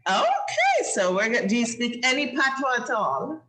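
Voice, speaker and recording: A woman's voice: sits high, wildly swooping pitch, normal speed, fairly bright tone. A woman with a Jamaican accent hosting a children's show over a video call, encouraging and teacherly, laughing often. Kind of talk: lively chat with kids on a video call.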